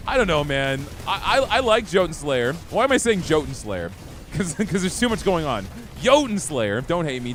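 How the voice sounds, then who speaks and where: A man's voice: fairly high pitch, a bit bright. A young man streaming a game live, chatting upbeat and casually with his viewers while he plays. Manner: upbeat, chatty, talks to chat. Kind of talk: live gameplay commentary.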